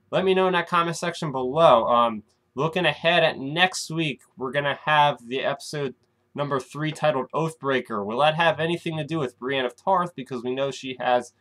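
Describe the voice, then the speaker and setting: A man's voice: fairly high pitch, fairly bright tone. A man hosting his weekly show, chatting casually and speculating, often calling out to his viewers. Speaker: show recap host. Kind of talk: casual chat to the camera.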